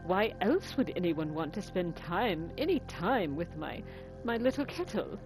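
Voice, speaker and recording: A woman's voice: medium pitch, big pitch swings, normal speed, natural voice, poor audio. A woman voicing a cold, snobbish wealthy mother with an uppity, condescending manner, over game music. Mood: haughty. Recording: game music playing behind.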